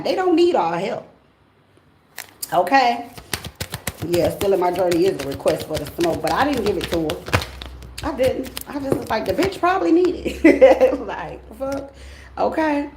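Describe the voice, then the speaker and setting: A woman giving a casual tarot reading straight to her viewers. She is blunt, swears freely and keeps it playful. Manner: blunt, profane, playful, addresses viewers directly; acts out quoted voices in a much higher pitch. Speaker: tarot reader. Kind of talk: casual spiritual reading monologue. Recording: roomy echo with faint background noise.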